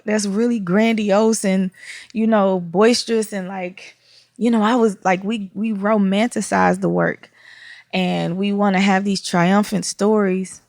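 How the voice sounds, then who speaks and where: A woman's voice: mid-range voice, fairly even intonation, unhurried, creaky, darkish tone, dry recording, clean studio sound. A woman speaking as a podcast guest in casual, reflective conversation, often searching for words.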